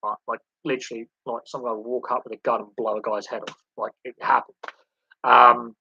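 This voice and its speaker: A man's voice: mid-range voice, level tone, fairly quick, creaky, pushed and bright, husky, highs cut off. A man hosting a casual sports livestream, rambling and opinionated as he jumps from one example to the next. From England.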